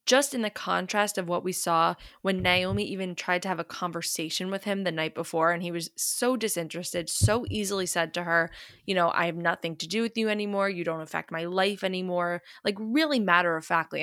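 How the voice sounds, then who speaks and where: A woman's voice: medium pitch, vocal fry, no room sound, clean studio sound. A woman co-hosting a podcast, chatting expressively about a reality show and acting out what people said. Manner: chatty and expressive, acts out quotes. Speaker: podcast co-host. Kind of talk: casual chat recapping a reality show.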